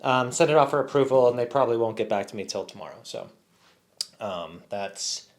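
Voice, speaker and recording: A man, a content creator, talking to himself at home as he works through a behind-the-scenes vlog, with quick rambling asides. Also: medium pitch, animated, background noise. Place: at home, indoors.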